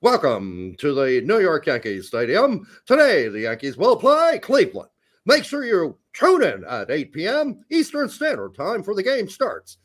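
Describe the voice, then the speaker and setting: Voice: a man doing an old-time male TV sports announcer. Style: stiff, formal mock 1950s broadcast. Pitch: slightly high, lively. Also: unhurried, exaggerated voice. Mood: announcing.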